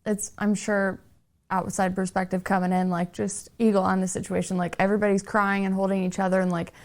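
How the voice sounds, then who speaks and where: A woman hosts an interview podcast in an even, flat-toned voice. She listens with empathy and reflects on what her guest says, restating his feelings back to him. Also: medium pitch, a little fast. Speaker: podcast host. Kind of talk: conversational interview.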